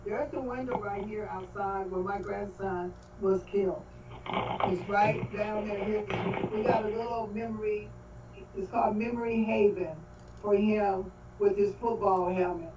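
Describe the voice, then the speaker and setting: An older woman speaking on a video call about her family, halting and faith-filled, often breaking off mid-phrase. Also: mid-range voice, steady tone. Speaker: grieving great-grandmother speaking at a livestream. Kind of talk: emotional testimony on a video call. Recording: echoey, distant, dull call audio with faint noise.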